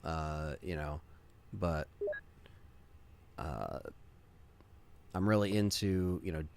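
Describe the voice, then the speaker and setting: A man chatting casually while streaming a game live, excitable and quick to swear. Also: extremely low pitch, vocal fry, smooth. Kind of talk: casual live gameplay chat.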